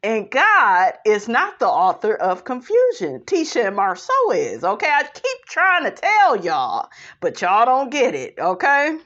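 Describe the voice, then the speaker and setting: A woman's voice: on the high side, huge pitch swings, a little slow, fairly bright tone, dull audio. A woman vlogger recapping a reality show in blunt, sassy, profane casual commentary, calling viewers "honey".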